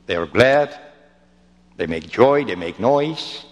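A male pastor preaching a sermon with slow, emphatic delivery and wide swings in pitch. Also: animated. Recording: long reverb of a church hall.

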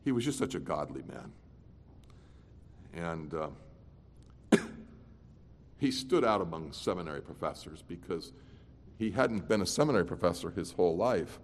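A man delivers an evening sermon as a pastor, his pitch rising and falling in a lively way. He moves between loud, emphatic declarations and quiet, low-voiced asides. His voice rings out with the long reverb of a large hall. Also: normal speed, long pauses.

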